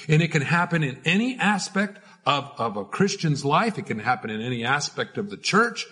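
Male pastor, raised pitch, husky tone, informal sermon delivery with restarts. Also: very animated, normal speed, few pauses, pushed and bright. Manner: informal, repeats words while preaching. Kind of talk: conversational sermon.

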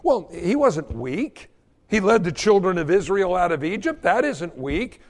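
A man's voice: high voice, sing-song, a little slow. A man preaching a sermon in a church, telling folksy stories and acting out the quotes. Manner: folksy storytelling with acted-out quotes. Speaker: pastor. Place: church sanctuary. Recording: long hall reverb.

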